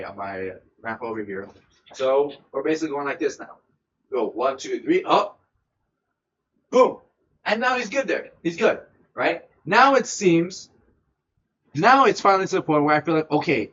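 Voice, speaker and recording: A young man streamer telling a story in a casual, animated way, full of swearing and repeated words. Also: mid-range voice, breathy edge, muffled recording. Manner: animated, profane, repeats himself often.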